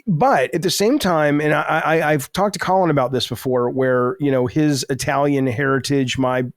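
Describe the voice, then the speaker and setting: A middle-aged man talks loosely as a podcast guest, rambling and self-deprecating, always ready to jump in. His voice sits a little high for a man. The sound is dry and close. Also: normal speed, dry recording. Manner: talkative, self-deprecating, prone to interrupting. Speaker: guest, game designer. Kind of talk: casual podcast chat.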